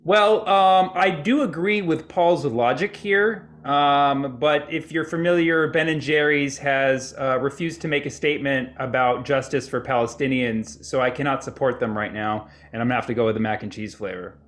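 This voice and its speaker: A male comedian playing a game and joking through his answers with dry, deadpan reasoning. His voice sits at a mid pitch. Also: moderate pace, hardly any pauses. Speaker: comedian contestant. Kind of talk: joking banter.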